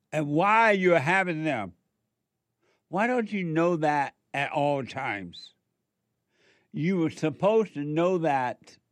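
Slow, preachy man with rhetorical questions. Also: fairly high pitch, no echo. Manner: repeats rhetorical questions, pauses for answers; acts out quoted back-and-forth dialogue. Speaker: speaker addressing listeners. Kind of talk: preachy spoken monologue.

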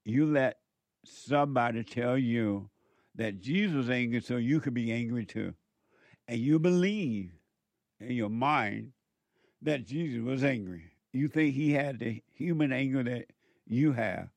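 A man preaching a sermon, scolding and emphatic, with sudden swings in loudness and pitch. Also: measured pace, gravelly, dry recording.

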